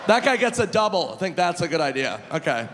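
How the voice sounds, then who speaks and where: A male stand-up comedian performing live on stage, animated and shouting his punchlines high. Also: quick pace, slight background noise. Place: large live comedy venue. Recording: live hall with long reverb, faint crowd ambience.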